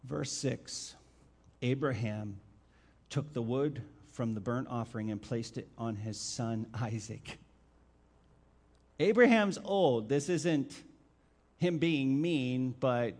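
A male pastor preaching a sermon and reading scripture, asking his listeners direct questions and stressing key words by swinging his loudness. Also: medium pitch, lively intonation, takes it slowly, long pauses. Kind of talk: expository sermon with Bible reading.

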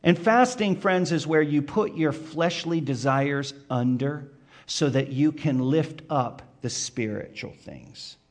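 High-voiced, measured male preacher. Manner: emphatic, rising in intensity on key points; addresses listeners directly with questions. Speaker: pastor. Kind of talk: sermon.

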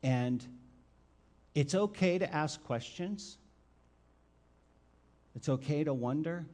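A male pastor preaching a sermon and reading scripture, asking his listeners direct questions and stressing key words by swinging his loudness. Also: a little high, takes it slowly, pauses often. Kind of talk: expository sermon with Bible reading.

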